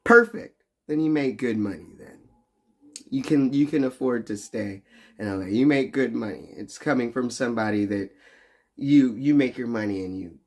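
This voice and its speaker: This medium-pitched young man has a darkish tone and talks at a moderate pace. On his casual livestream he reads chat aloud, trading profane, joking, teasing remarks with viewers and laughing often.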